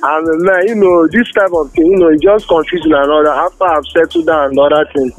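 A man's voice: on the high side, fairly even intonation, quick pace, soft background music. A young man on a phone call. He pleads in a flustered way and keeps addressing the other man as sir. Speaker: prank call target.

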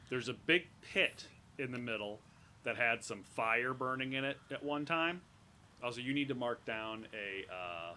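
A man's voice: mid-range voice, bright, forceful tone, a little hiss or hum. A man narrating a tabletop game as game master, describing scenes in a loose, rambling way. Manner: loose, rambling, frequent restarts.

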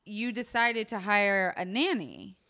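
A young woman hosts a relaxed podcast chat in a bright, forward voice with a smooth, clean tone. She nudges the talk along playfully and fills her sentences with "like". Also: mid-range voice. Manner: quick, playful, prompts and interjects with "like". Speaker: podcast host. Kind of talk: casual podcast interview.

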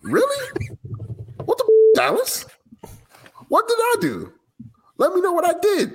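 A man's voice: sing-song, unhurried, full character voice. A man voicing an indignant adult male singer who rants at a city that snubbed him. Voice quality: shrill, indignant.

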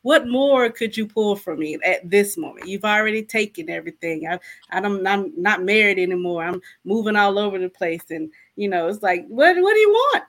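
A woman's voice: medium pitch, normal speed, a bit bright. Candid woman giving her testimony. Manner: candid, storytelling, acts out her own prayers. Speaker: podcast guest, co-author. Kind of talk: personal testimony.

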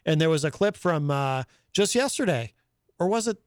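Smooth-voiced man reading viewer comments. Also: fairly high pitch, animated, moderate pace, no room sound, studio quality. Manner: rambling, hesitant, with many fillers and restarts. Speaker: host. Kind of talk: casual live-show chat, reading viewer comments.

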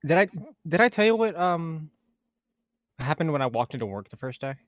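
A man's voice: on the high side, very animated, moderate pace, dry recording. Joking young man, dry close sound. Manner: joking, laughs often, storytelling. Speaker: podcast co-host. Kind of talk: casual chat.

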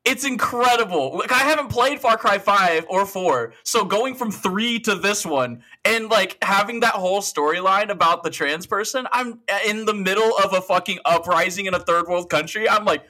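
A man's voice: sits high, moderate pace, few pauses, pushed and bright. A man on a gaming podcast in casual chat, rambling through stories and laughing often. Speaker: podcast guest or co-host.

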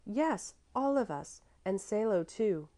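A woman reading the part of an eager, affectionate young girl in a raised, bright voice. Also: mid-range voice, lively intonation, takes it slowly, pitched above the performer's own voice.

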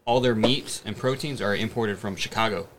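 A man's voice: lowish voice, moderate pace, a bit bright. A man chiming in casually during a podcast with brief, offhand remarks. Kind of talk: casual chat. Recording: noisy background.

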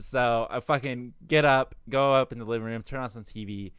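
A man's voice: mid-range voice, fairly quick, hardly any pauses, a bit bright, clean tone, no room sound, studio quality. A young man telling a story in casual chat, swearing freely as he goes. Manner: profane, storytelling.

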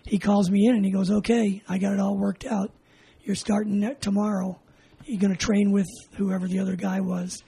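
A man's voice: high voice, moderate pace, gravelly, husky, low-quality recording. An older man from California, a veteran being interviewed, telling a story with lots of laughs and acted-out dialogue. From California, USA. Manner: animated, acts out dialogue, laughs often. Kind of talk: oral history storytelling.

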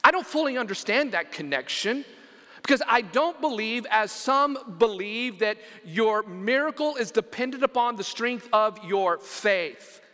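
A man preaching a sermon as pastor, animated and repeating words as he calls on the congregation to respond. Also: high voice, measured pace. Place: church sanctuary. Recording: long church hall reverb.

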